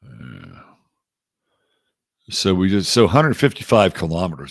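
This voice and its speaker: A man's voice: low-pitched, very animated, unhurried, long pauses, dry recording, studio quality. A middle-aged man from Texas hosting an astrology livestream, chatting loosely and greeting viewers by name. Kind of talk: casual livestream chat.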